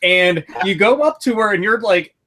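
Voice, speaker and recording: A man hosting a podcast, telling excitable, profane stories in casual chat. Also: high voice, normal speed. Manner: profane, excitable storytelling with frequent swearing. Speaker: podcast host reviewing a video game.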